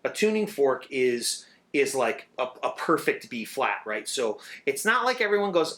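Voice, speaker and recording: A middle-aged man, a drummer, talking in a casual interview, animated and swearing freely as he sings out rhythms. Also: medium pitch, moderate pace, few pauses.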